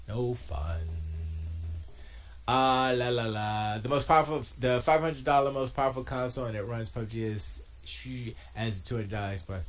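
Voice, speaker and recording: A man streaming from his home studio, chatting casually and answering his chat, joking and arguing in an animated way. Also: mid-range voice.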